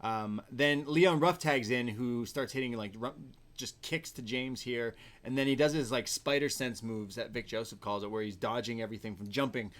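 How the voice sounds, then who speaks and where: A man's voice: mid-range voice, moderate pace, fairly bright tone. A man co-hosting a podcast, casually recapping a show move by move and laughing often. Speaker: podcast co-host. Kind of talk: casual wrestling recap chat.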